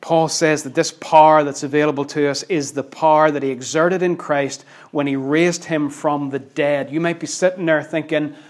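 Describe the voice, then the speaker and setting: A man preaching a sermon with emphatic, dynamic delivery that swings between loud declarations and hushed asides, conversational and lightly humorous. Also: a little high, steady tone, normal speed, few pauses.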